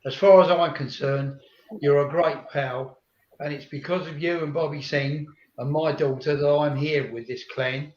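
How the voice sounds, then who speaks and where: An older man speaks with earnest warmth and small restarts. His voice sits a little high. The sound is roomy and muffled, like a video call from a home room. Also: steady tone, normal speed, a little hiss or hum. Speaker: fan group member. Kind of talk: heartfelt farewell speech on a video call.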